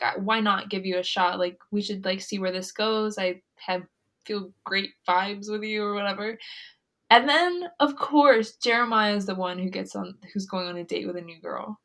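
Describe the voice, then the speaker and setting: A woman's voice: mid-range voice, a bit bright. A young woman co-hosting a podcast, chatting casually and giggling, full of "like" fillers. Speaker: podcast co-host. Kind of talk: casual chat recapping a reality show.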